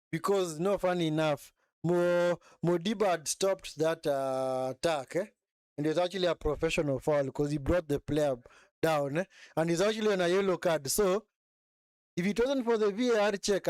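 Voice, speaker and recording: Streaming a football match, a man gives live commentary and chat, excitable and talkative, circling back to the same phrases and often tagging lines with a questioning "eh?". His slightly high voice is smooth and clear, recorded close and dry with no room sound at all.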